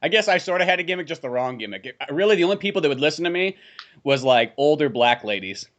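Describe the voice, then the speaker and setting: A man co-hosting a comedy podcast, telling animated stories in casual chat and slipping into put-on voices. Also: fairly high pitch, quick pace, dull audio. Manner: animated storyteller, slips into put-on character voices. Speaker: podcast co-host.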